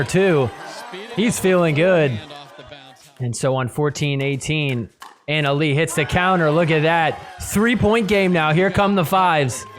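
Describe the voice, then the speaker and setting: A man hosting a podcast, giving excitable play-by-play commentary over match footage and shouting at the big points. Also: on the high side. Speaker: podcast host.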